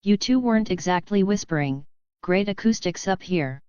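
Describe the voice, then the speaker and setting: A woman reading the part of a confident, smirking young male warlock who speaks calmly and firmly. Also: medium pitch, moderate pace, clear, resonant tone, no room sound, muffled recording, lightly acted. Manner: calm, firm, knowing.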